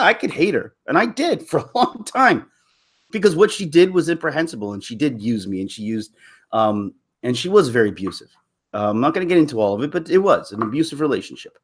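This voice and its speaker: A man speaking on a live stream with a middle-pitched voice. He tells a personal story candidly, rambling and restarting his sentences as he goes. The delivery is loose and conversational, aimed straight at his viewers. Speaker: YouTube commentator.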